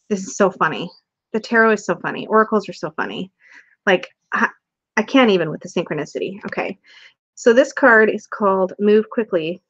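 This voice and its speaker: A woman hosting a casual live stream from a small room at home, bubbly and excitable, laughing often. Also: mid-range voice, no room sound, dull audio. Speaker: tarot reader and channel host.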